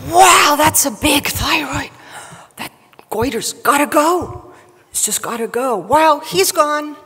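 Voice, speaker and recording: A woman's voice: high voice, slow pace, pitched above the performer's own voice, heavily acted. A woman putting on the voice of a gleeful male surgeon exclaiming over a goiter. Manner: excited, exclaiming. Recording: reverberant hall.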